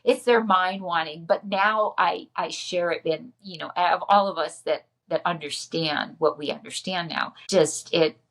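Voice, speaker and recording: A woman's voice: on the low side, fairly even intonation, measured pace, vocal fry, few pauses, fairly bright tone. A woman telling a personal story as a podcast guest, emotional and earnest.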